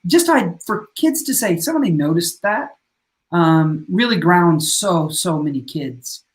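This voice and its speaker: A school principal tells earnest stories in a casual podcast conversation, acting out what his students say. His high voice is expressive and unhurried.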